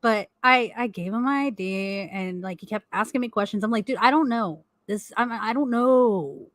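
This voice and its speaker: At a normal pace and mid-range pitch, a middle-aged woman rambles animatedly through a story while co-hosting a home live stream chat, cursing a lot and laughing often. No room sound on the recording.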